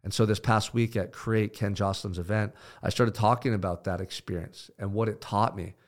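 A man hosting a podcast, giving an intense, emphatic motivational pep talk with blunt swearing. He swings between loud pushes and low, hushed stretches. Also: fairly even intonation, normal speed. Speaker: podcast host.

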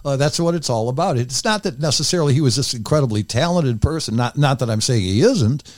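A man's voice: mid-range voice, expressive, fast talker, no echo. An older man, a former radio DJ, tells candid stories in a casual interview and rambles into many asides.

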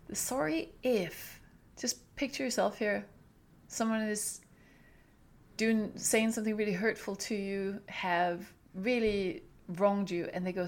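A woman's voice: mid-range voice, takes it slowly. A middle-aged woman hosting a parenting podcast, giving earnest, instructive advice and acting out example phrases. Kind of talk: advice monologue.

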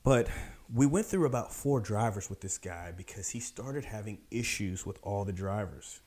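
A man telling a story in a casual, animated way, with emphatic delivery and quick voices for the people he quotes. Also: on the low side. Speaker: podcast storyteller.

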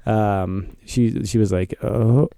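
A man co-hosting a podcast, telling a story in a casual chat, animated and laughing as he acts out the people in it. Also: fairly low pitch, normal speed, creaky, no room sound. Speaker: podcast co-host.

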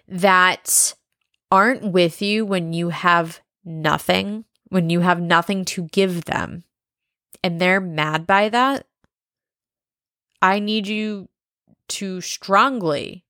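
A woman hosting a casual solo podcast, talking bluntly with lots of swearing and rambling asides while high. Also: a bit bright, no room sound, clean studio sound. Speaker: podcast host.

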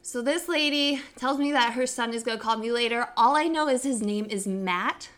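A young woman with a high voice tells a casual story at a quick clip. She grew up in Africa, and she acts out every quote in a squealing, excited voice. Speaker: podcast co-host telling a story.

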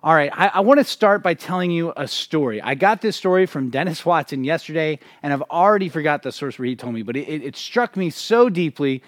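A pastor preaching a sermon, praying and telling a story with emphatic delivery and frequent restarts. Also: male voice, a little high, animated, brisk, few pauses, dry recording, studio quality.

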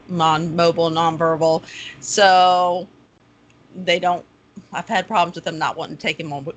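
A woman's voice: lowish voice, a bit bright. A woman talking candidly and earnestly in a casual podcast chat.

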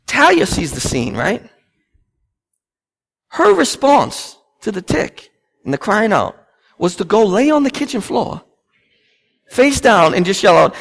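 A man in his thirties, a pastor preaching a sermon and telling family stories with lively acted-out dialogue. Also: sits high, normal speed, gravelly, long pauses. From United States. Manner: storytelling, animated, acts out family scenes.

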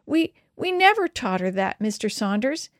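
A woman's voice: fairly high pitch, very animated, normal speed, no echo, clean studio sound. A woman reading the part of a young boy, pleading and tearful, in a storybook reading.

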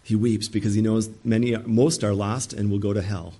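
A man's voice: lowish voice, level tone, moderate pace, dark tone. A man preaching an emphatic sermon, acting out the voices he quotes. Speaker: pastor.

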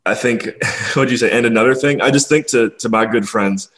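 A man's voice: fairly low pitch, normal speed, fairly bright tone. Easygoing young man hosting a podcast. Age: young adult. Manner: laughs often, easygoing. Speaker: podcast host, grandson. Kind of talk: casual interview chat.

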